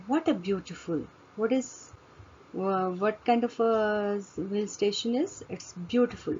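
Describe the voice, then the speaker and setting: A woman teaching a grammar lesson, speaking deliberately and answering her own questions to drive each point home. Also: medium pitch, mellow, slightly rough. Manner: slow, deliberate, repeats key words as questions and answers. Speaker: English teacher. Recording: dull lo-fi recording.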